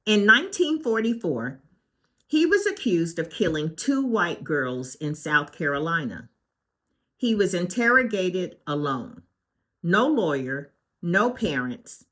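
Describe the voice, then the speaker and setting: Slow, lively-pitched woman. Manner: emphatic, deliberate, short punchy declarations. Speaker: host. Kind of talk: scripted spoken commentary.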